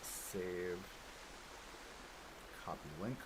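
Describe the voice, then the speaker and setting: A man with a deep voice speaks extremely slowly while hosting a laid-back gaming live stream, joking at his own expense and laughing often. He's close to a desk microphone in front of him at home, and the background is noisy.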